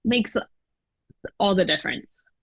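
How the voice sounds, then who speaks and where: A woman's voice: medium pitch, unhurried, a bit bright, no room sound, poor audio. A woman with an American accent, a podcast guest chatting casually with lots of fillers and little laughs. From United States. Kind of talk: casual interview chat.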